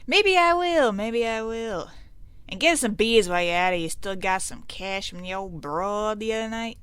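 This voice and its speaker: A woman's voice: mid-range voice, expressive, normal speed, smooth, no echo, voice pushed up, lightly acted. A woman doing a cocky old-time gangster. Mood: rowdy. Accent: put-on gangster accent. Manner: swaggering, loud, slangy. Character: brash 1920s male gangster, cocky.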